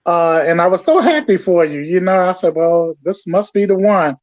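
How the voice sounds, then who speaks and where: A middle-aged man answering interview questions in a warm, measured way. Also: high voice, lively intonation, dry recording, lo-fi sound. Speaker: guest, the host's father.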